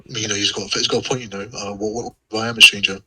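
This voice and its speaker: Bright-voiced man stammering through roleplay. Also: fairly low pitch, fairly even intonation, fast, a little hiss or hum, low-quality recording. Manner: stammering, repeats words, swears casually. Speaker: tabletop game player. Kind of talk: casual in-character roleplay.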